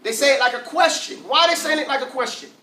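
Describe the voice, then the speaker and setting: A man with a high, bright voice leads an Arabic class, asking the group questions and having them repeat sounds after him. He stands well away from the microphone, and the classroom rings with echo. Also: fast talker. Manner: lively, asks the class questions, drills sounds aloud. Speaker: Arabic teacher. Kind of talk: classroom teaching. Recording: roomy classroom, mic far off.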